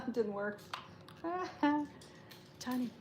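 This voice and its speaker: A woman's voice: high-pitched, animated, drawn-out words, slight background noise. A woman hosting a cat rescue livestream indoors, chatting casually with viewers, laughing often and cooing at the cats.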